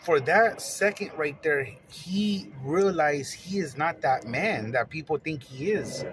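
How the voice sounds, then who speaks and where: A man's voice: a little high, animated, slow, fairly bright tone, a little hiss or hum, rough recording. A man giving a casual, rambling film review, with many fillers and restarts, frequent laughs and plenty of swearing. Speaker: movie reviewer.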